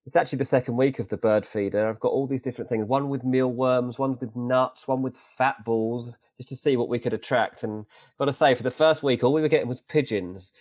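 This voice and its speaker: Man in his thirties, podcast co-host, animated and joking, mid-pitched, dry close mic. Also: fairly quick, no room sound. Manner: animated storyteller, joking asides. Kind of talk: casual chat.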